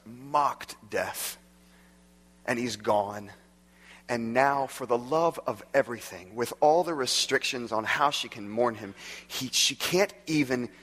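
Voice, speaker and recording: Brief: a male pastor with a conversational, animated delivery, preaching in a reverberant church hall. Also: mid-range voice, slightly rough. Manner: conversational, animated, laughs often. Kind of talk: sermon.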